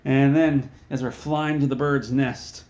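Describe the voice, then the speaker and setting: Deadpan guy spinning a ridiculous story, mid voice, kinda muffled audio. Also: medium pitch, measured pace. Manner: deadpan with mock ad plugs. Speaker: comedic storyteller.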